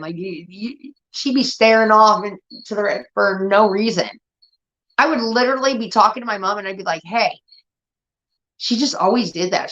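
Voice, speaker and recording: Woman in her 30s ranting about family, swears a lot, does the voices, muffled lo-fi sound. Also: mid-range voice. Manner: profane, animated, acts out family members. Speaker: streamer. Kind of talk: casual storytelling. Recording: dull lo-fi audio.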